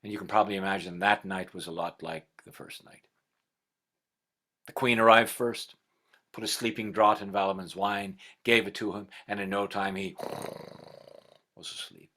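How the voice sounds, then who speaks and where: A middle-aged male storyteller tells a folktale with lively, expressive delivery, dropping to whispers and rising loud. His voice sits lowish, bright and a little husky. He often stops to talk straight to his listeners. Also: moderate pace, pauses often. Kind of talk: oral folktale telling.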